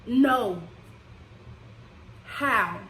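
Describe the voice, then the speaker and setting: Woman vlogger, high voice, emotional and casual, echoey room recording. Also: expressive, extremely slow, pushed and bright. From United States. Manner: emotional, rising and falling with feeling, Southern-tinged casual speech. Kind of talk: impassioned personal vlog. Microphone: desk microphone.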